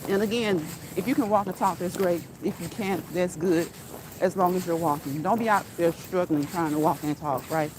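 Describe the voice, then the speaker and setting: A woman's voice: on the low side, normal speed, noisy background. A middle-aged woman talking casually to her viewers while walking outdoors, laughing often and repeating phrases for emphasis. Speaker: vlogger. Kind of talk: casual walk-and-talk vlog. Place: outdoors on a walk.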